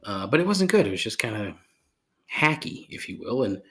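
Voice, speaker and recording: Alone on his podcast, a man launches into a casual, sarcastic rant packed with swearing, frequent fillers, and rambling asides. His voice is on the low side and a bit bright, very animated, at normal speed.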